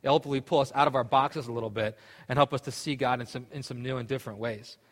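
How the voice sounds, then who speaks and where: A man's voice: medium pitch, fairly even intonation, fast. A male pastor giving a casual, rambling sermon full of fillers and restarts. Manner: loose, rambling delivery with many fillers and restarts. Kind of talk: sermon with an opening joke. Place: church sanctuary. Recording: long hall reverb.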